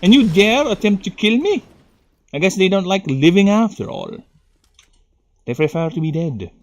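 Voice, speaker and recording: A man's voice: high-pitched, lively intonation, normal speed, pitched above the performer's own voice. A Filipino man with a Filipino accent putting on the voice of a pompous, grandiose male hero who thinks he alone will save the universe. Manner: grandiose, declamatory. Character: pompous self-declared male savior of the universe.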